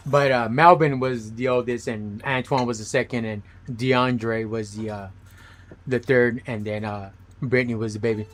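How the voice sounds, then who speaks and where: A man streaming a game, telling stories in a casual, animated way, full of slang and swearing. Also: medium pitch, moderate pace, soft background music. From Los Angeles area. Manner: animated, slangy, swears freely, laughs loudly. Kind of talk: casual storytelling chat while gaming.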